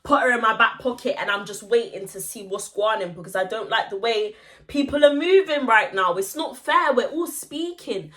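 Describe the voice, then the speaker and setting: A young woman, telling a story-time vlog in an animated, slangy way and acting out the voices of the people in it. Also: on the high side, normal speed. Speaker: vlogger.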